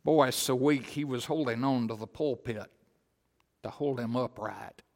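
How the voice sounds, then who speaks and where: A man preaching a sermon, swelling to loud emphatic proclamation and dropping to quiet storytelling. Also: mid-range voice, measured pace. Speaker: pastor. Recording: long hall reverb.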